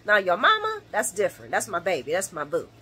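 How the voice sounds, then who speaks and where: A woman hosting a casual late-night soap opera recap vlog, animated and laughing often as she acts out characters' lines. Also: lowish voice, fast talker, slight background noise.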